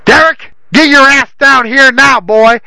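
A man voicing a decrepit but loud old father who scolds his son. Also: very high voice, lively intonation, a little slow, dry recording, full character voice, poor audio. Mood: scolding. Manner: bellowing, scolding.

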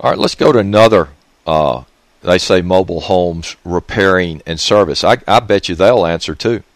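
A man with a low voice rants on his own radio show. He swears constantly, sneers at his targets and swings into loud hollering, and the recording is dry and close. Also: normal speed, no room sound. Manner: profane, ranting, sneering. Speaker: radio host. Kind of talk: ranting solo radio monologue.

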